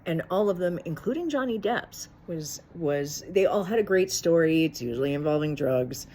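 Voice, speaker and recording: A woman's voice: deep voice, lively intonation, moderate pace, warm tone. A middle-aged woman talking in a casual, rambling monologue, frank and chatty with some swearing. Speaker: channel host.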